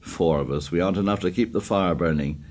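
A man voicing a shaken, haunted teenage boy who speaks low and quietly. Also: brisk. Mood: stricken.

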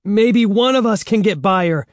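Reading a storybook aloud, a man voices a scared young boy who speaks in an urgent, panicky way. The voice is high-pitched, raised above the performer's own but close to an everyday sound, at normal speed, recorded in studio quality with no echo.

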